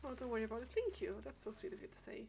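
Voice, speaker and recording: Her voice sits on the high side, racing along with vocal fry. She's streaming a game and chatting casually, thinking aloud through many restarts and unfinished thoughts, and a steady background noise runs under the recording.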